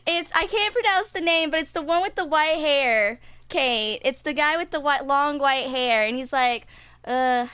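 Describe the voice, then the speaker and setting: Woman in her twenties, high-pitched, bright tone, casual stream chatter, filler-heavy. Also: unhurried, no echo. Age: 20s. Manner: chatty, lots of "like" and "dude". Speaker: gaming streamer. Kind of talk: casual live-stream chat.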